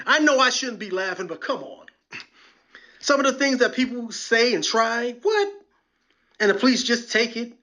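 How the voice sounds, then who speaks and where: A man's voice: high-pitched, a bit bright. A man hosting a solo podcast, quoting scripture and joking wryly in a preachy way. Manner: preachy, wry, quotes scripture and jokes. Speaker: podcast host.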